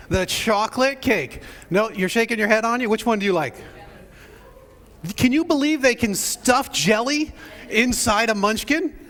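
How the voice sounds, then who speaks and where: A male pastor with a high, fairly bright voice kicks off his sermon in the church sanctuary, joking and chatting directly with the congregation. His words trail off into a long reverberant tail.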